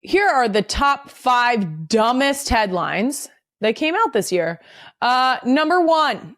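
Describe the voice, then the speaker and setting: A woman's voice: a little high, sing-song, slow, fairly bright tone, dry recording, clean studio sound. A woman in her thirties hosting a podcast, talking candidly and bluntly with plenty of swearing. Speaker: podcast host. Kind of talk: casual podcast monologue.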